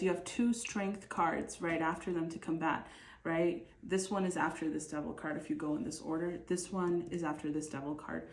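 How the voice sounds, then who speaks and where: Chatty woman giving a tarot reading, echoey room. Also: fairly low pitch. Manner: relaxed, chatty, many fillers and restarts. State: bit of a cough and hiccups. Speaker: tarot reader. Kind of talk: casual spoken tarot reading to camera.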